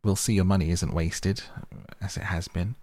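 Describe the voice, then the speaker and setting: A man's voice: sits low, fairly even intonation, normal speed, darkish tone, no room sound, clean studio sound. A man voicing an earnest, well-meaning male mole who speaks mildly.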